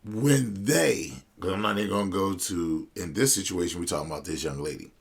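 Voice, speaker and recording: A man's voice: deep voice, a little fast, vocal fry, breathy edge. A male podcast host retelling a client's story in casual, blunt, slangy commentary, quoting both sides of the conversation.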